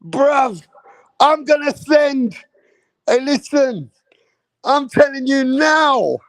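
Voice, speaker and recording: A young man giving casual, excitable boxing reaction commentary full of slang. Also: very high voice, extremely slow, no echo, clean studio sound.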